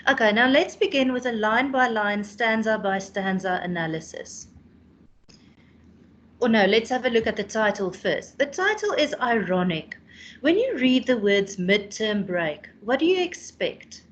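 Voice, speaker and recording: A woman's voice: a little high, big pitch swings, measured pace. A South African woman teaching a class online, explaining a poem and often ending with "hey?".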